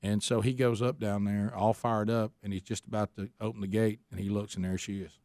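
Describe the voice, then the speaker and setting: A man's voice: on the low side, level tone, fairly quick, dark tone, no room sound, studio quality. A man hosting a radio show, telling a long story in a casual, rambling way with many restarts.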